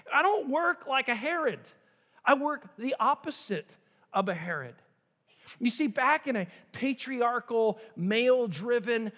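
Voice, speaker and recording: A male pastor preaching an animated sermon in a church. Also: very high voice, in a large hall. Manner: animated, acts out quoted voices.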